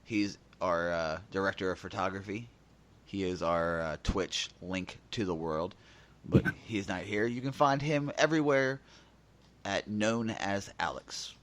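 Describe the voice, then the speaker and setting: Male podcast co-host, low-pitched, slightly raspy, casual animated storyteller. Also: measured pace. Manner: animated storyteller acting out dialogue. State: slightly raspy after a sore throat.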